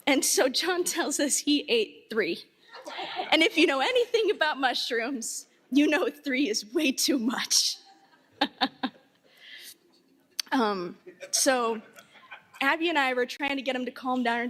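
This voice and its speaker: A woman's voice: sits high, moderate pace, a bit bright. A woman telling a funny anecdote at a memorial, acting out the quotes with laughter. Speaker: memorial speaker. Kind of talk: storytelling at a memorial. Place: hall at a memorial service.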